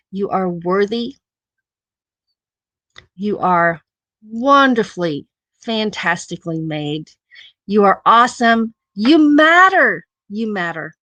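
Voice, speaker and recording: Woman hosting a live chat, slow, laughing, dry close sound. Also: medium pitch, a bit bright, no room sound. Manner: laughs often, repeats phrases, affectionate. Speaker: host of a live-stream chat. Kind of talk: casual live-stream chat reading comments.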